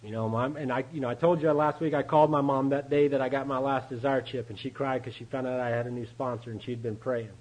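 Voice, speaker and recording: A man's voice: mid-range voice, fairly even intonation, fast, hardly any pauses, a little mellow, rough recording. A man speaking at a recovery meeting, giving a candid personal testimony, storytelling and chuckling often.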